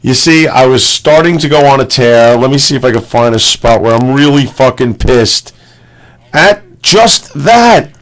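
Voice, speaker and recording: A man co-hosting a live-streamed talk show. He talks loosely and profanely in a casual chat, jumping from one thought to the next. His voice sits at a middle pitch and he gets excitable. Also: moderate pace, hardly any pauses. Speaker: co-host. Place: home studio streaming live.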